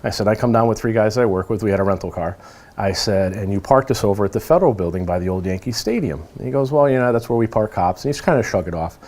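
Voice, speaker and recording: A police officer in his forties from New England, telling stories in a casual interview and acting out the quoted lines with lively voices. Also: fairly low pitch, fast talker. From New England, United States. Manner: animated storyteller who acts out quoted lines.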